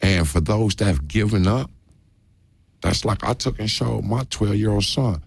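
A low, gravelly male voice with a husky edge, talking earnestly in a casual group discussion. He preaches his point and comes back to the same phrases again and again. Close and dry, with no room sound. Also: a little slow, no echo. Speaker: discussion participant.

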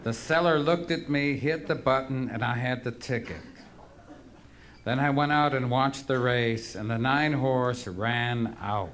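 Slow, profane, rambling male storyteller. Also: medium pitch, fairly bright tone, slight background noise. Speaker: storyteller performing for an audience. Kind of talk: live spoken storytelling.

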